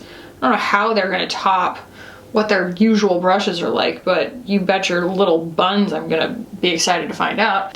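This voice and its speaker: Bubbly woman in an echoey room. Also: mid-range voice. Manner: bubbly, playful, talks to herself while applying makeup. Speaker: beauty reviewer. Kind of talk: casual makeup review vlog.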